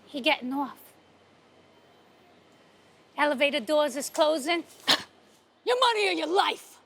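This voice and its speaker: A Brooklyn, New York woman with a high voice hosts a show outdoors in front of a cafe, where she performs a solo monologue. She's a host and playwright, and her storytelling is animated and full of streetwise energy. There's a little hiss or hum in the audio.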